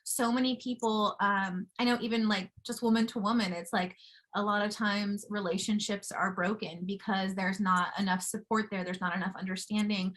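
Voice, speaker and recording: A woman's voice: mid-range voice, little pitch movement, normal speed, a bit bright. Woman co-host, mid voice, earnest and encouraging. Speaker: podcast co-host. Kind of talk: podcast interview.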